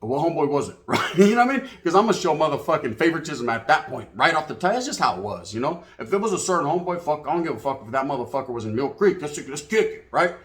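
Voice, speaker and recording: Fast-talking profane storyteller. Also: male voice, a little high, big pitch swings. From California. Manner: profane, slangy, sprinkled with Spanish words. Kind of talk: casual street storytelling.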